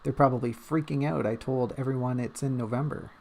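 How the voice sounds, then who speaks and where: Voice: medium pitch, fairly even intonation, fairly quick, creaky, a little mellow, a little hiss or hum. A livestreamer chatting casually and rambling, with self-mocking jokes.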